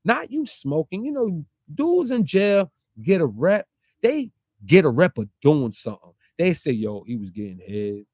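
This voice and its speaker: A man's voice: high voice, sing-song, darkish tone, no echo, clean studio sound. A man delivering a heated, confrontational street-talk rant, firing rhetorical questions and mocking the person he calls out. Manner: confrontational, rapid-fire rhetorical questions, mocking quoted voices. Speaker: online commentator.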